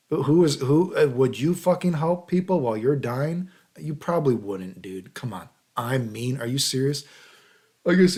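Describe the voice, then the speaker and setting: Hosting his own channel, a mid-range, dark-toned man delivers a heated, unscripted rant into a computer microphone, cursing and often asking "right?"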